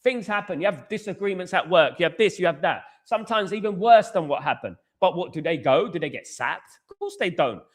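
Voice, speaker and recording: A young British man hosts a football fan live stream as a football podcast host, ranting at length and reading out viewer comments. His high-pitched voice is animated and brisk with few pauses, and he repeats himself, often saying "at the end of the day".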